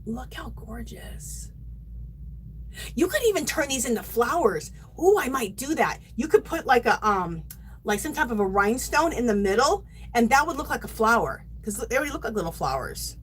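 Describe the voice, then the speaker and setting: A woman's voice: a little high, slight background noise, poor audio. A middle-aged woman hosting a yarn craft livestream, gushing and chatting casually to her viewers.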